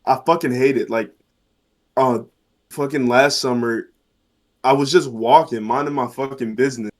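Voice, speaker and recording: A young man in his late teens talks as a podcast guest, excitable and loose, with curse words scattered everywhere. His voice sits at a middle pitch. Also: normal speed. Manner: excitable, swears a lot, says bro. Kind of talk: casual podcast chat.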